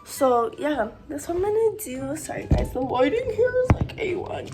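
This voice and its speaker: A young woman vlogger talks casually to her camera while pranking her boyfriend, her high voice swinging widely in pitch at a normal speed over music. She's giggly and full of fillers, and allergies leave her with a stuffy nose.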